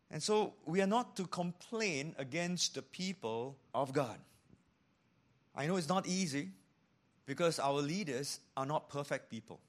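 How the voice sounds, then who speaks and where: A man preaching a sermon as pastor, animated, dropping to hushed tones for emphasis and acting out the voices he quotes. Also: on the high side.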